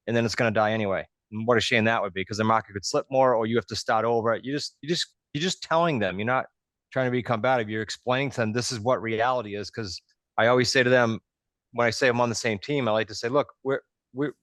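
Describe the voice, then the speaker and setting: A man's voice: mid-range voice, a bit bright, no room sound. Conversational man hosting a coaching call. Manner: conversational, explains step by step. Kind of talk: coaching on a live group call.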